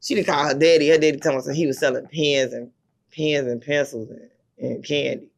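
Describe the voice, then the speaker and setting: A woman's voice: low-pitched, steady tone, brisk, gravelly. A woman in her thirties hosting a podcast, telling rambling stories with lots of fillers in casual chat. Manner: rambling, storytelling with many fillers. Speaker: podcast host.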